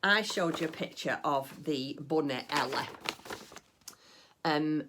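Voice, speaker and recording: Chatty low-voiced woman vlogger. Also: takes it slowly, noisy background. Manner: chatty, rambling, gushing with delight. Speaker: crafting vlogger. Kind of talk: casual chat.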